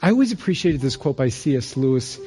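A male pastor preaching a sermon, telling stories with emphasis and going quiet on key phrases. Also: medium pitch, fast talker, soft background music. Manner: storytelling, quotes others in lively voices.

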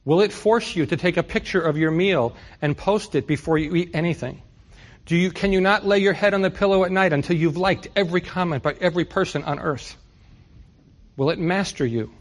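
A man's voice: high-pitched, brisk. A middle-aged man from New York City preaching a conversational sermon, often putting rhetorical questions to his listeners. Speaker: pastor.

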